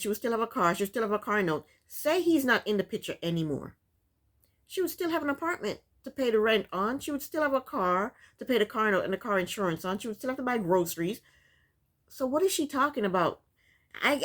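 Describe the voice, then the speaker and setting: A woman's voice: fairly high pitch, a bit bright. A woman giving a blunt, sassy, exasperated casual recap of a TV show. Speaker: reality TV recap YouTuber. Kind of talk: casual commentary.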